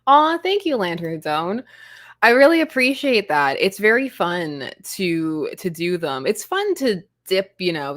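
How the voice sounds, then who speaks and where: A woman's voice: deep voice, no echo, studio quality. A woman hosting a casual comics livestream, chatty and self-deprecating, laughing often. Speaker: comics show host.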